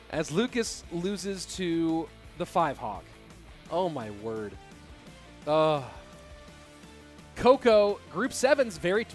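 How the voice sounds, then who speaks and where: A man casting a live esports match, excitable and incredulous, often breaking into laughter. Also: high-pitched. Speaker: esports caster.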